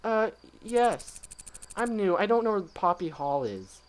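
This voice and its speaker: A man voicing a shy, nervous young schoolgirl in a game let's play, stammering in a high voice. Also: animated, a little slow. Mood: flustered. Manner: stammering, flustered, high and squeaky.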